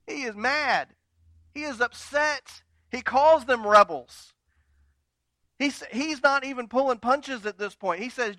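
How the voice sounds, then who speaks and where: A man preaching a sermon from slides. He swings between loud, dramatic retellings and quiet, intimate asides to the congregation. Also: very high voice, takes it slowly, no echo. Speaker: pastor.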